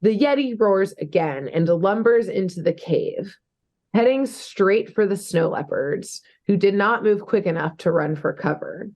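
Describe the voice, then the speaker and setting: A young woman co-hosting a casual podcast, retelling a cartoon plot. She talks in a loose, chatty way, with lots of filler words, and she laughs easily. Her pitch sits in a middle range. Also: animated, measured pace, a little mellow. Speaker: podcast co-host.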